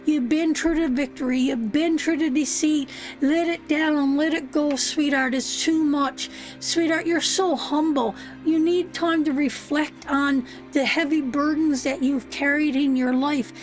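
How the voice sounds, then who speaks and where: A high-pitched woman reads tarot live, warm in tone but blunt, calling the listener sweetheart again and again. Faint music plays softly underneath her voice. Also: fairly even intonation, measured pace. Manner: soothing, repeats "sweetheart" often, emphatic and earnest; blunt, swears now and then. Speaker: tarot reader.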